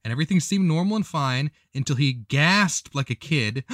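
Lively man reading a story aloud. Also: a little high, moderate pace, no echo, studio quality. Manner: animated, breaks into laughter. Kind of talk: comedic reading of an online post.

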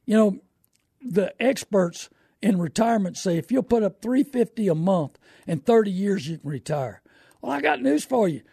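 A man hosts a call-in radio show in a folksy, preachy, down-to-earth manner. His voice sits high, with a gravelly, dark edge. The sound is dry and close. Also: no echo.

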